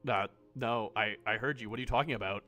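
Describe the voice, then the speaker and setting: A man's voice: fairly low pitch, fast, pushed and bright, soft background music. A man streaming a game live, talking casually and sarcastically, swearing often.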